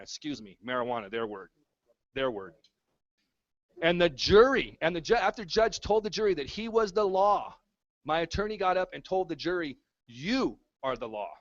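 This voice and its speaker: At a community town hall, a male activist gives a fervent, impassioned speech, repeating his points to rally the room. His voice is on the high side, and the audio has its highs cut off.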